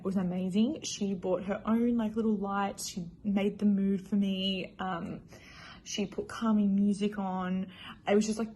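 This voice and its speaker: A woman's voice: medium pitch, darkish tone, slight background noise. A young woman casually telling her personal story in a chatty, emotional way, full of fillers. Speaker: new mother.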